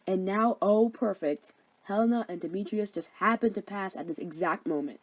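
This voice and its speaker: A woman's voice: mid-range voice, moderate pace, dry recording, rough recording. A young woman narrating a comedic story summary in a flippant, slangy way.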